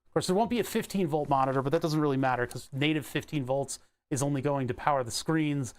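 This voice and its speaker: A young electronics hobbyist vlogger from Pennsylvania's Delaware County area chats casually to himself while working on a build, rambling and playing with words. He talks fast at a medium pitch.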